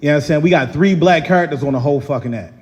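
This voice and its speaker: A man in his thirties with a Baltimore accent, performing stand-up live from a theater stage. His voice sits high for a man, and the long reverb of the hall hangs after his lines. He tells his stories in an animated way, acting out the voices of the people in them. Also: very fast. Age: 30s. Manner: animated, storytelling with quoted voices. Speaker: stand-up comedian. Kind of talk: stand-up comedy set.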